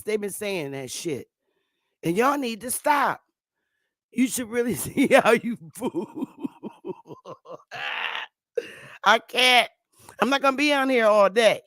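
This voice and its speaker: Slow, loud woman ranting with laughter. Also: medium pitch, no room sound, studio quality. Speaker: vlogger. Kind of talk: profane comic rant to viewers. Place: at home, sitting in a chair.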